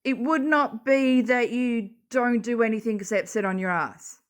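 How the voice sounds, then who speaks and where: A woman's voice: a little high, normal speed. A woman with an Australian accent reading social media posts aloud and ranting about them in a sarcastic voice, swearing often. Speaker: YouTube commentator.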